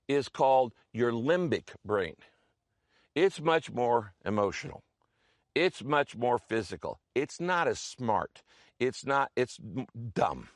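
A man's voice: medium pitch, no room sound. A male pastor teaching a sermon in an easy, conversational way. His voice sits in a middle register and is recorded close and dry, with little room sound. He repeats words as he goes and checks in with the congregation.

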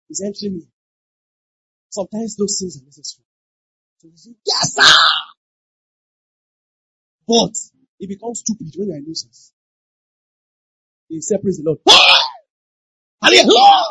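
Very husky pastor preaching. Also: mid-range voice, moderate pace, long pauses, no room sound. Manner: emphatic, repeats lines, bursts into shouted exclamations. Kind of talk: sermon. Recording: dull lo-fi dry recording.

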